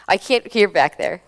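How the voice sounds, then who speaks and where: A young woman from Minnesota giving a lively conference talk, laughing between points and drawing in the audience. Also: mid-range voice. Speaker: conference speaker. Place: conference hall.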